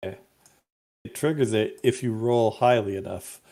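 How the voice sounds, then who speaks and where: A man's voice: lowish voice, moderate pace, dark tone. A man narrating as game master of a tabletop game, laughing often and thinking aloud with fillers.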